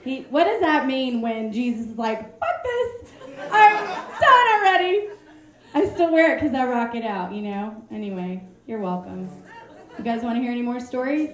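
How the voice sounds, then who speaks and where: A woman's voice: fairly high pitch, moderate pace, a little mellow. A woman hosting a comedy show from the stage, chatting with the crowd and bringing up comedians. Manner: chatty, upbeat crowd banter. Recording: echoey club room with crowd.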